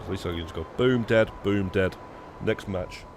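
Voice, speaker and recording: A young British man from the United Kingdom chats casually while live streaming a game, rambling, restarting sentences and swearing. His voice sits low and moves at normal speed over a noisy background.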